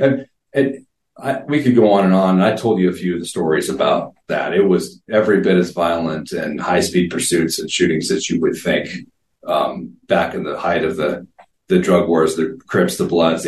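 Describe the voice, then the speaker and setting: A man's voice: sits low, normal speed, a little mellow, slight background noise. A man in his fifties, an interview guest, telling vivid stories earnestly with frequent restarts. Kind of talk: casual storytelling. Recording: roomy sound, distant from mic.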